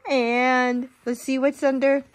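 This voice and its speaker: A mother reading a picture book aloud to her toddler in an animated, sing-song way, with gasps, exclamations and animal sounds. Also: sits high, slow, no echo.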